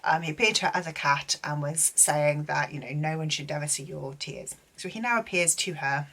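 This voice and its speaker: A woman's voice: deep voice, brisk, a bit bright. A young woman giving a casual, gushing book recap, full of filler words. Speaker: book vlogger.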